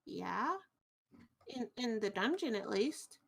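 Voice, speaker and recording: A woman playing a tabletop game, asking quick questions and reasoning aloud. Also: fairly high pitch, expressive, vocal fry, slightly rough. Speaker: player. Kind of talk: casual tabletop game chat.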